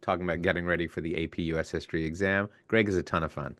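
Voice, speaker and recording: A man's voice: low voice, fairly even intonation, racing, a bit bright, no echo. A man hosting a podcast, chiming in with short conversational remarks about his family and past episodes. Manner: brief reactions and conversational asides. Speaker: podcast host. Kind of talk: casual podcast interview.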